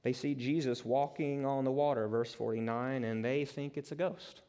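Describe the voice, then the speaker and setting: A man preaching an expository sermon, conversational and dramatic, building to loud emphatic peaks. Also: mid-range voice, fairly even intonation, normal speed. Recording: long reverb of a large hall.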